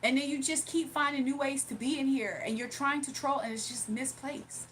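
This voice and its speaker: A woman hosts a livestream in a casual, blunt, scolding manner. Her high-pitched voice is fairly bright with fairly even intonation and a moderate pace, and there's slight background noise.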